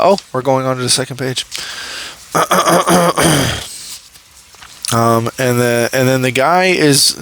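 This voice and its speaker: A man's voice: mid-range voice, a bit bright, poor audio. Rambling young man reviewing a show. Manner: rambling, many fillers and restarts, laughs often. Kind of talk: casual commentary.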